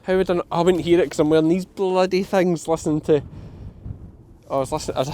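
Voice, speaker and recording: A man's voice: fairly high pitch, steady tone, quick pace, darkish tone, slight background noise. A young man with a Scottish accent, a sheep farmer hosting a casual farm vlog outdoors and talking bluntly to the camera. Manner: blunt, swears casually, uses local dialect words. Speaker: sheep farmer and channel host.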